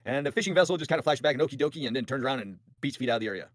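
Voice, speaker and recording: A man hosting a casual podcast, spinning a history yarn with quick, jokey asides. His pitch jumps around a lot as he talks at a rapid clip. The sound is dry and close. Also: dry recording. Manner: fast, animated, jokey retelling with voiced asides. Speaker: podcast host.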